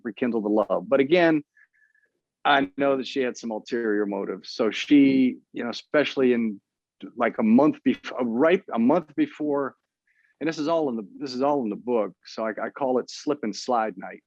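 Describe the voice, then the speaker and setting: A man in his fifties, an author, telling his story in an interview in an earnest, halting way with many restarts. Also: medium pitch, darkish tone, dry recording, muffled recording.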